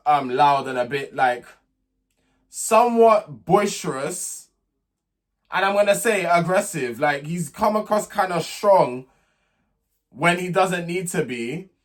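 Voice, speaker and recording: Chatty young man, fairly high voice. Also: animated, a little slow. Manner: chatty, slangy, emphatic. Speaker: reality show recap host. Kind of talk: casual recap commentary.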